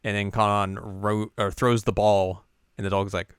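A young man retells the plot in a loose, rambling recap, his voice fairly low and smooth. It sounds dry and close to the mic. He talks with an animated, offhand flow. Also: normal speed, dry recording. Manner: rambling, animated, keeps slipping into character voices. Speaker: podcast co-host. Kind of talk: casual anime episode recap.

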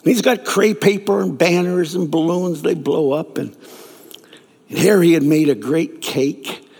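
A man's voice: a little high, a little slow, creaky, darkish tone, breathy edge. A man preaching a sermon, telling a story and acting out the characters' lines in raised voices. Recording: long reverb of a large hall.

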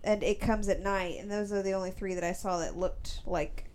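A woman co-hosting a casual podcast chat, chatty and quick to laugh. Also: mid-range voice, steady tone, darkish tone. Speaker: podcast co-host.

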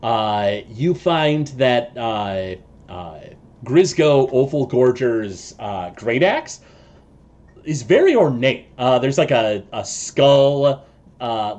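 Man, game master, tabletop game narration, halting, lots of uh and like, middle pitch. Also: darkish tone. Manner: halting, many fillers and restarts.

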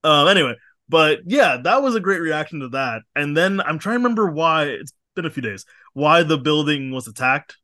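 A man's voice: on the high side, expressive, moderate pace, bright, forceful tone, no room sound, clean studio sound. A man co-hosting a podcast, recapping a cartoon episode in laid-back, joking chat with swearing and frequent laughs. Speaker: podcast co-host. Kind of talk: casual comic recap chat.

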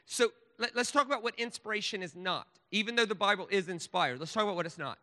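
A man's voice: high-pitched, fast talker, bright, forceful tone, big-room sound. A man preaching a sermon in a church sanctuary, emphatic, with frequent stammered restarts.

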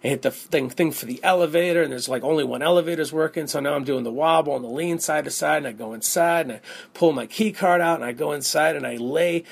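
A man with a gravelly, slightly high voice tells a rambling, profane story as the host of his own comedy podcast. He jumps between quick asides and punchy lines, swearing freely and keeping the energy animated. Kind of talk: casual storytelling monologue.

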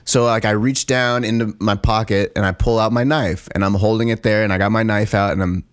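Low-voiced man telling a story, dry sound. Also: fairly even intonation, fairly quick, no room sound. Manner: laughs through his own story, swears freely. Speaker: podcast co-host. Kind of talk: casual storytelling.

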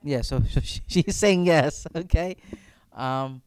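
A man's voice: on the high side, slow, darkish tone, clear, resonant tone, no room sound. A man leading a reflective faith discussion as campus minister, speaking earnestly and often repeating words as he thinks aloud.

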